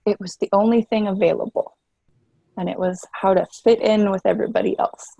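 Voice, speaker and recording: Gravelly-voiced woman in her twenties. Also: medium pitch, steady tone, a little fast, warm tone, dry recording. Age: 20s. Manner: candid, chatty storytelling with many fillers. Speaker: guest. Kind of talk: casual interview chat.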